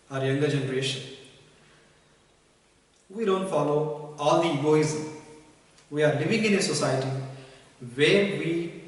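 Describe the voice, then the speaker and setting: A male teacher, his voice sitting a little high. He repeats key words and example sentences slowly, heard from some distance in a strongly echoing room with a long reverb tail. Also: fairly bright tone. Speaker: English teacher. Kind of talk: spoken English lesson. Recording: echoey room, voice from far off.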